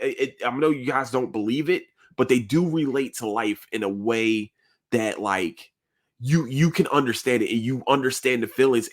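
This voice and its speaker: A man hosting a podcast in casual chat, earnest and rambling, full of slang and swearing. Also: medium pitch. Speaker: podcast host.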